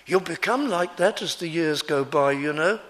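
A male preacher with a slightly high, somewhat bright voice delivers an expository sermon, explaining a scripture passage verse by verse in an earnest, measured way.

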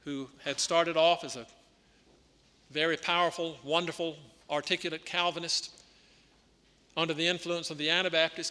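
A man preaching in a sermon, with a high, very sharp and bright voice. He teaches in a deliberate, emphatic way, clearing his throat and restarting phrases. The long reverb of a big hall trails behind every word.

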